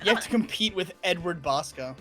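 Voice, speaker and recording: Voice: mid-range voice, animated, brisk, sharp tone, soft background music. A cast member on a live stream, teasing and joking with friends in casual chat.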